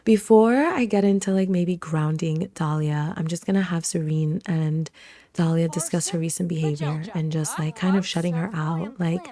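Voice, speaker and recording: A woman's voice: low voice, moderate pace, mellow. A woman giving chatty, filler-heavy commentary while playing a life-sim game. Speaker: gaming video creator. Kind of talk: casual life-sim let's-play commentary.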